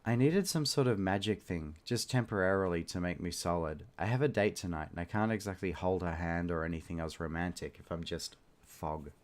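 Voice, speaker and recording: A man voicing a shy ghostly man made of fog who speaks quietly and hesitantly. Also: sits low, brisk, close to an everyday voice.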